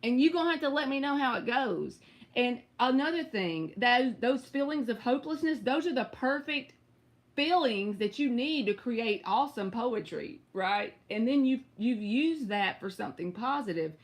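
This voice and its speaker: A woman's voice: on the high side, lively intonation, normal speed. A woman with a Southern US accent giving live tarot readings, chatty and direct, answering viewers by name. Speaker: tarot reader.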